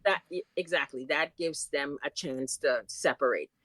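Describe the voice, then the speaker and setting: A woman's voice: low voice, a bit bright, no room sound. Woman recapping an episode, dry sound. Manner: chatty recapping with quick asides. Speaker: podcast co-host. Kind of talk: casual rewatch chat.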